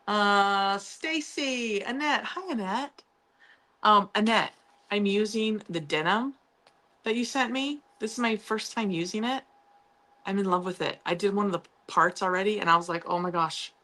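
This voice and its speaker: A woman's voice: mid-range voice, moderate pace, sharp tone. Chatty woman hosting a live sewing stream. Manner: chatty and upbeat, with frequent ums and playful asides. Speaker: sewing channel host. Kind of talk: casual live sewing tutorial chat.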